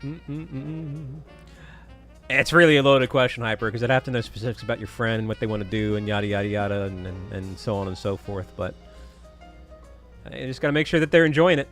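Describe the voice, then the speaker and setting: A man's voice: lowish voice, fast talker, fairly bright tone, faint music behind. A man chatting casually with viewers during a live stream, telling stories and humming to himself.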